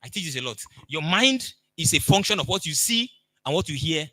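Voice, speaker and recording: A man's voice: on the high side, very animated, brisk, pushed and bright, no room sound. A middle-aged man with a Nigerian accent, giving a motivational coaching talk and acting out the people in his stories. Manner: storytelling, emphatic, acts out dialogue.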